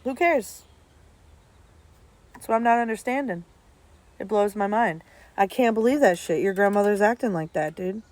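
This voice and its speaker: A woman's voice: mid-range voice, moderate pace, pauses often, a little mellow, slight background noise. A woman, chatting casually and bluntly to her viewers as a streamer, swearing freely. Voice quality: blunt and profane, talks straight at viewers. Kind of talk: casual chat.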